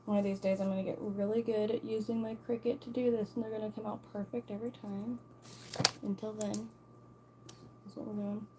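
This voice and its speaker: A woman's voice: mid-range voice, level tone, brisk, heavy background noise. A woman leading a casual sewalong tutorial, chatting and thinking aloud as she plans and cuts her fabric pieces. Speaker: sewing instructor.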